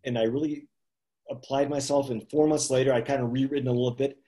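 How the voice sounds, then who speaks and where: A man's voice: medium pitch, fast talker. A man in the middle of his range spins an anecdote with easy energy. He fills the gaps with little asides and chuckles as he goes, as an author chatting with his host. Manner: animated anecdotes with many "you know" asides and chuckles. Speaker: author guest. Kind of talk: casual storytelling on a live video chat.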